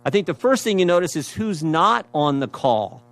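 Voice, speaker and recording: Man, middle-aged, emphatic hearing speech, somewhat high voice, repeats phrases. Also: big pitch swings, moderate pace. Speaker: congressman questioning at a hearing.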